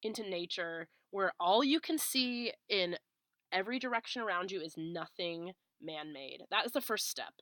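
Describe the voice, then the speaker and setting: Woman cohosting a podcast, bright higher voice, emphatic, curses a lot, dry close sound. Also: lively intonation, normal speed, dry recording. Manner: emphatic, swears freely, builds lists. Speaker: podcast co-host. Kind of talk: casual chat.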